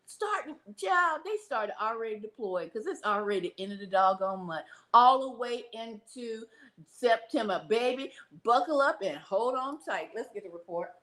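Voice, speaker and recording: A woman's voice: a little high, animated, moderate pace, fairly bright tone. A woman hosting a live reaction stream. She reads chat comments aloud and scolds the chatters in a sassy, mocking way, with folksy pet names and exclamations. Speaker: livestream host reacting to a video.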